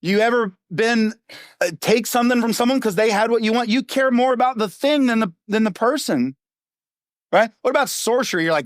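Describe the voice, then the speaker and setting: A middle-aged male pastor preaching a sermon in a punchy, conversational way, full of rhetorical questions and quick asides. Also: very high voice, dry recording, studio quality. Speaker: lead pastor.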